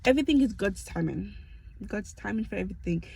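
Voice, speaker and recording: A woman's voice: medium pitch, animated, fast, vocal fry, darkish tone, husky, poor audio. A young woman from the UK telling stories to camera in a chatty, self-mocking way. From United Kingdom. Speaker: vlogger. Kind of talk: casual storytelling to camera.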